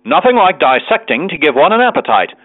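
A man playing a cheeky young student, brash and curt, with a lively swing in the voice. It sounds dry and narrow, like a phone line. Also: fairly high pitch, fairly quick, no echo, pitched above the performer's own voice.

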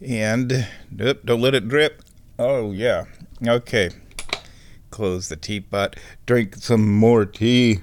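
Slow, deadpan, rambling male host. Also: on the low side. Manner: deadpan, drawn-out, mock-dramatic. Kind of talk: rambling comedic monologue.

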